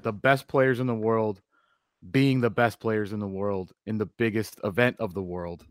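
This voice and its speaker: Laid-back sports radio co-host. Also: male voice, on the low side, moderate pace, dry recording, studio quality. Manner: relaxed, casual slang, enthusiastic. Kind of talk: casual sports talk radio. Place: radio studio.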